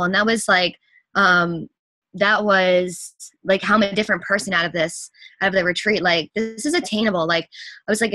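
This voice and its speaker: A young woman fitness coach giving a gushing, breathless testimonial, talking fast with lots of fillers. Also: mid-range voice, pushed and bright, no room sound. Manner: gushing, rapid, breathless with enthusiasm. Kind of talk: excited testimonial talk.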